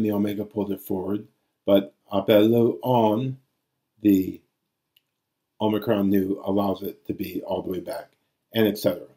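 A man's voice: on the low side, dark tone. A man teaching Greek grammar in a recorded lecture, reciting forms aloud.

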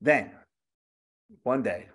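A middle-aged chef and restaurateur tells stories in a casual interview, animatedly acting out quoted dialogue and swearing casually. He has a mid-range voice with a breathy edge and talks extremely slowly.

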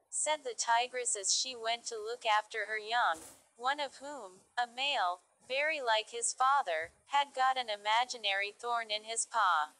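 A woman's voice: on the high side, measured pace, bright, forceful tone, low-quality recording. A woman reading stories aloud carefully for English learners. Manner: careful, clear reading pace. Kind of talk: slow read-aloud narration.

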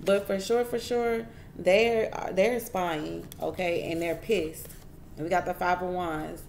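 A woman's voice: fairly low pitch, fairly even intonation, takes it slowly, vocal fry, darkish tone, roomy sound, slight background noise. A woman giving a casual tarot reading straight to her viewers, chatty and repeating herself as she goes. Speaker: tarot reader.

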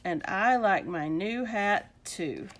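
Woman voicing a kindly old storybook man, gentle and fussy, lively pitch. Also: slow. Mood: musing. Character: kindly old man fretting over his hat.

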